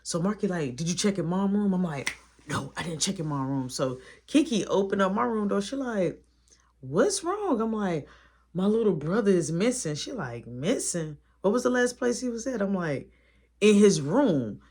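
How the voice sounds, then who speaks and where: A man narrates a personal story in a casual storytime style and puts on the lines of each person in it. His voice is husky and breathy, and his pitch swings widely as he talks. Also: moderate pace. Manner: animated, acts out quoted dialogue.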